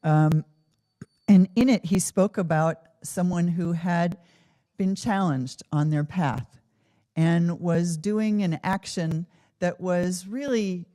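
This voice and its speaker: In a temple, a woman with a lowish, warm voice gives an earnest devotional talk, speaking slowly with long pauses. Her spiritual talk weaves in stories and reflective questions.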